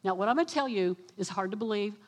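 Woman preacher, sermon delivery, lively storyteller who acts out quotes, mid-pitched. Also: fast. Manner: animated storytelling, quotes herself and others.

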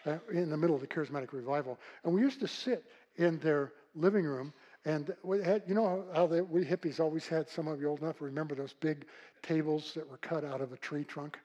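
An older man preaching a sermon with a husky voice, telling folksy stories and swinging from loud calls to hushed, quiet passages. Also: fairly high pitch, brisk, muffled recording. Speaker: pastor.

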